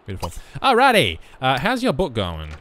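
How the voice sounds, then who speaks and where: A young man giving casual let's play commentary, muttering through menu choices with sudden loud bursts of excitement. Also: medium pitch, normal speed. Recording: noisy background with game rain.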